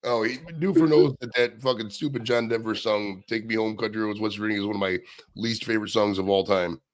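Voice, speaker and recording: A man's voice: lowish voice, steady tone, brisk, no echo. A man hosting a livestream, ranting and swearing in casual chat. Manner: profane, ranting. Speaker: livestream host.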